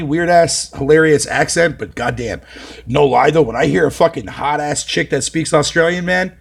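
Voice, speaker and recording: A man's voice: a little high, creaky, husky. A young man from Canada chatting on a live stream, reading his chat aloud with profane, mocking banter.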